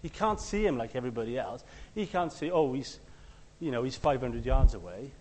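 A man preaching a conversational sermon. He tells stories and acts out the quotes, sometimes shouting them loudly. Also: mid-range voice, animated, a little fast, in a large hall.

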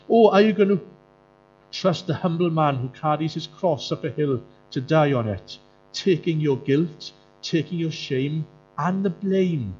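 A male preacher, delivering a sermon in an animated way, often jumping into mocking voices. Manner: animated, jumps into high mocking voices for quoted characters. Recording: muffled lo-fi sound with faint music.

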